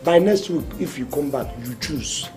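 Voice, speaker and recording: A man's voice: a little high, animated, normal speed, a little mellow, natural voice. A man playing a pompous landlord boss. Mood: coaxing. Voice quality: pompous, self-important. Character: boastful pompous male landlord president, middle-aged. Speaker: landlord association president. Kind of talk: comedy film acting. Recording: film scene with music playing.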